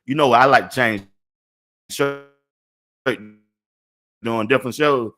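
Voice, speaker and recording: An older man hosts a casual sports talk livestream at an unhurried, drawn-out pace. He laughs often and repeats the same phrases several times in a row, chatting loosely with his viewers. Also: mid-range voice, a bit bright. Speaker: sports talk show host.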